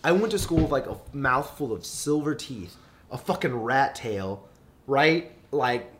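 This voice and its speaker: A man's voice: mid-range voice, animated, a little slow, a bit bright, slight background noise. A young man telling loose, profane stories in a casual podcast chat, full of fillers and asides. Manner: loose and profane, many fillers, puts on his mother's voice in quotes. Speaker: podcast guest.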